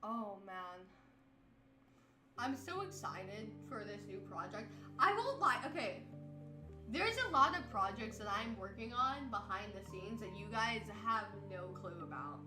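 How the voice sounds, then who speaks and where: A woman's voice: medium pitch, lively intonation, a little slow. A tired woman streamer chatting casually and rambling, laughing often and breaking into playful outbursts. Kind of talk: casual chat with chat readers. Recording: roomy sound with music behind.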